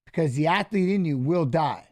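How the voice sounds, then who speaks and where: A middle-aged former fighter hosting a casual live stream, rambling through stories and swearing freely. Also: male voice, fairly high pitch, animated, moderate pace, darkish tone. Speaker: show host and former fighter.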